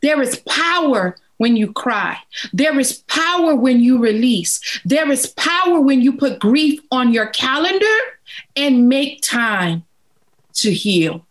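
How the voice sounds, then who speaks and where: High-voiced, slow, emphatic woman. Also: sing-song, low-quality recording. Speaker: grief educator guest. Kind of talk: interview, earnest advice.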